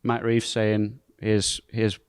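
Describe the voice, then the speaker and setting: Man, pastor guest, thoughtful, hesitant, low-pitched, dry recording. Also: completely flat delivery, slow pace, clear, resonant tone, dry recording. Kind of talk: casual discussion.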